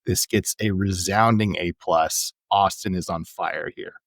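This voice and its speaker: A man co-hosting a casual podcast, retelling wrestling promos in an animated way and laughing often. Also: deep voice, measured pace, gravelly, no room sound. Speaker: podcast co-host. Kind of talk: casual recap chat.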